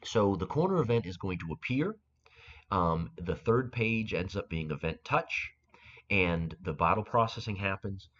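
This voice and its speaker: A man with a fairly low voice walks through a software tutorial, often stumbling and restarting mid-sentence as he thinks aloud. The recording sounds dull and lo-fi, with muffled highs. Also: expressive, a little hiss or hum. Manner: halting explanation with frequent restarts and fillers. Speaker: game-making tutorial host.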